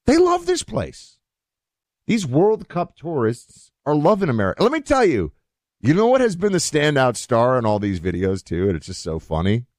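A man hosting a show and giving his opinions in animated, casual talk, full of fillers and restarts. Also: a little high, moderate pace, dry recording, clean studio sound. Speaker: host. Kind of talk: opinionated commentary.

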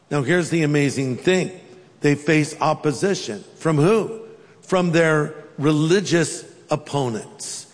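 A man's voice: on the high side, takes it slowly, in a large hall. A man preaching a sermon as pastor, telling stories with humorous asides.

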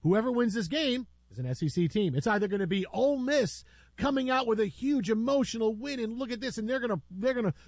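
A man hosting a sports radio talk show, emphatic and animated, repeating phrases for effect. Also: very high-pitched, fast, no room sound.

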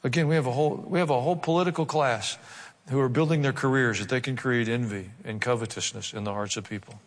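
A man's voice: medium pitch, quick pace, big-room sound. A man preaching a sermon, reading scripture aloud and breaking off into humorous asides and mock voices. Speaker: pastor.

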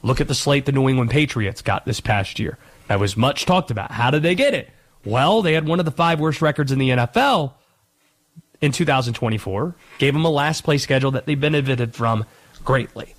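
A man's voice: mid-range voice, lively intonation, a little fast. A man hosting sports talk radio, making his points with punchy emphasis.

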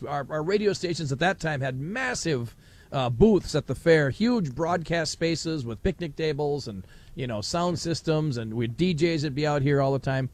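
A middle-aged man hosting live talk radio from an outdoor fair booth. His voice sits fairly high and swings widely as he tells a story. He slips into other people's voices as he goes. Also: normal speed. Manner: animated storyteller, acts out voices. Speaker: radio talk show host.

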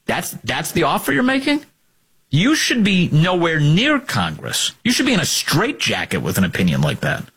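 A man delivers political talk radio commentary in a combative, sarcastic way. His voice is husky, and his pitch swings widely as he mocks opponents and presses his points. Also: huge pitch swings, moderate pace, a bit bright. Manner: sarcastic, combative, swings between mocking voices and emphatic outbursts. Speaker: radio talk show host.

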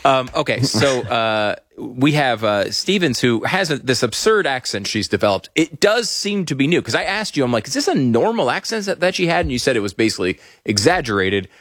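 A man's voice: mid-range voice, lively intonation, moderate pace, few pauses, a bit bright, dry recording. A man hosting a casual political podcast, rambling with frequent restarts and chuckles. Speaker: podcast host.

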